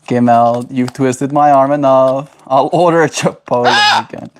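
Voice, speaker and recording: A man's voice: mid-range voice, fairly even intonation, a little slow, few pauses, darkish tone, clear, resonant tone. A man live-streaming in casual chat, cooing in a baby voice to his pet bird and answering viewer comments.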